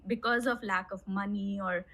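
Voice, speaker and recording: A woman with an Indian accent, speaking emphatically in a casual roundtable chat, stressing each syllable clearly. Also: mid-range voice, steady tone, moderate pace, a bit bright, rough recording. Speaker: guest YouTuber.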